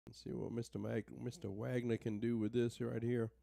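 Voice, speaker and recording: Brief: laid-back male darts co-commentator, easy laugh, mid pitch. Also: little pitch movement, normal speed, creaky, mellow, slight background noise. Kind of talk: casual sports commentary.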